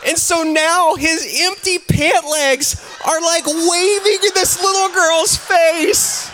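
High-voiced preacher telling a comic story. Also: male voice, takes it slowly, slight background noise. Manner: animated, shouting on punchlines. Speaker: pastor.

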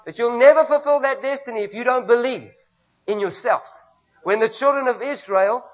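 In a church, a male pastor with a high voice and South African accent delivers a sermon at moderate speed. His preaching is emphatic and repetitive, built on call-and-response, and the audio is dull and lo-fi.

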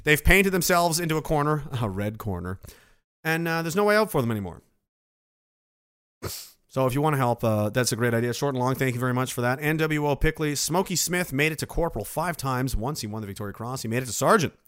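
A man's voice: mid-range voice, animated, a little fast, a bit bright, smooth, dry recording, clean studio sound. A middle-aged man hosting a casual livestream, reading out viewer messages and reacting with sarcastic, swearing rants. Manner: sarcastic, ranting, swears freely.

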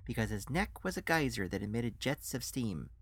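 A man's voice: mid-range voice, sing-song, moderate pace, dry recording. A man narrating a story in the first person in a dry storytelling manner. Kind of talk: scripted audiobook narration.

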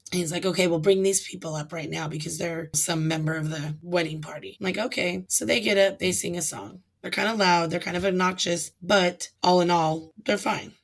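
A woman guest on a podcast, a karaoke host telling a story in a casual, animated way and acting out what people said. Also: fairly low pitch, brisk, few pauses. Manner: animated storyteller acting out quotes, laughs often.

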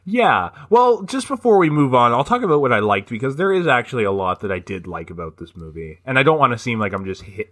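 A man's voice: mid-range voice, big pitch swings, fast talker, few pauses, fairly bright tone. A man co-hosting a podcast, chatting casually about movies, swearing and laughing often as he rambles. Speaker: podcast co-host.

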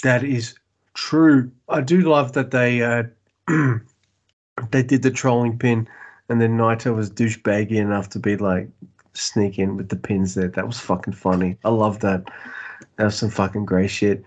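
A man co-hosting a casual wrestling podcast, excitable and a bit tipsy, who swears freely and laughs often. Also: fairly low pitch, measured pace. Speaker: podcast co-host.

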